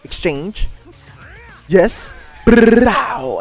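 Excitable high-voiced man trash-talking a game. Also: normal speed, soft background music. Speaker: gaming YouTuber. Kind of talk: live gameplay commentary.

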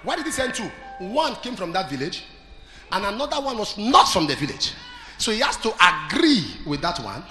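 Pastor preaching, high and lively. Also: male voice, moderate pace, roomy sound, in a large hall, soft background music. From Nigeria. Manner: storytelling that builds to shouted declarations. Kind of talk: sermon. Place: large church hall.

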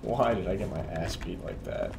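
Playing a video game, this man with a deep, creaky voice speaks at a normal pace, swearing out of frustration and bad-mouthing the game in casual commentary. The background is noisy, with game music under his voice and the clatter of keyboard typing.

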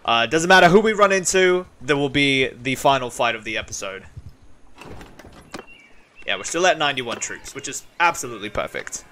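Bright-voiced excitable gaming commentator. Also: male voice, medium pitch, normal speed, a little hiss or hum. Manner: excitable, chatty, shouts at big moments. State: parched, thirsty. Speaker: gaming channel host. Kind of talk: gameplay commentary.

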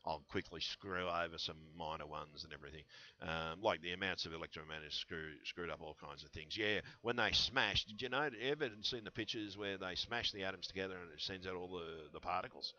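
Deep, tense-voiced man rambling. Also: brisk, pushed and bright, muffled recording. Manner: rambling, conspiratorial, full of fillers and restarts. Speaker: channel host. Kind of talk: rambling vlog monologue answering comments. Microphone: headset.

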